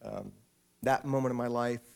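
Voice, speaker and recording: A man's voice: medium pitch, steady tone, moderate pace, gravelly, a little mellow. A middle-aged man, an author, gives a humorous public talk and tells a wry, self-deprecating story. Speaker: author speaking at an event.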